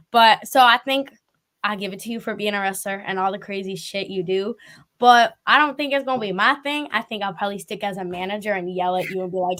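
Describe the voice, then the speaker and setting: A woman's voice: medium pitch, fast talker, a bit bright. A woman interviewing a guest in loose, casual chat. She rambles, fills gaps with "like" and "blah, blah," and laughs often. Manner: chatty, laughing, rambling with fillers.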